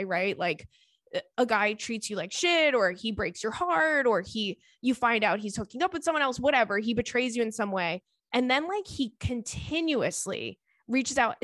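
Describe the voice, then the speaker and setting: A young woman hosting a casual podcast, reading listener letters aloud and reacting with animated indignation and frequent swearing. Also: on the high side, no room sound.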